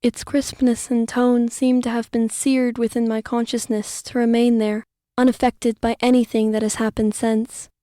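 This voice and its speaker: A young woman narrates an audiobook in the first person, quiet and wistful. Her voice is mellow and keeps a narrow, even pitch range, recorded dry and close. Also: dry recording.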